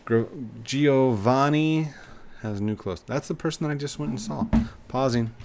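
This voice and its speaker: A man's voice: mid-range voice, fairly quick, vocal fry, background noise. A man hosting a casual let's-play video, rambling and self-deprecating as he plays. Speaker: gaming video host. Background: game music.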